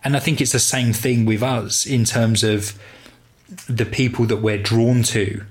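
A man's voice: medium pitch, measured pace. A man co-hosting a podcast in casual, rambling chat. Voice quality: relaxed, rambling, many fillers. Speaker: podcast co-host.

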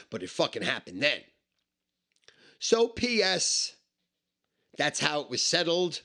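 A man's voice: medium pitch, sharp tone. A man telling a personal story in a blunt, emphatic and heavily profane way. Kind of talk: casual spoken anecdote.

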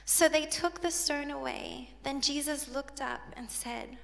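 A woman's voice: a little high, steady tone, measured pace, gravelly, a bit bright. A woman from South Africa preaching a sermon and reading scripture aloud, with emotion that brings her close to tears. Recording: long hall reverb.

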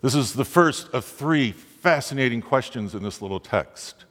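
A man preaches a sermon with an expressive, fairly bright voice at a moderate pace, barely pausing. His delivery is dramatic, and his pitch rises sharply on the pleading questions he quotes. The recording carries a long hall reverb.

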